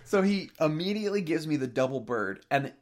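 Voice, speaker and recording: A man telling an anecdote in a casual podcast chat, animated and often laughing as he talks. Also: on the high side, a little fast, background noise. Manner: animated storyteller, laughs through lines.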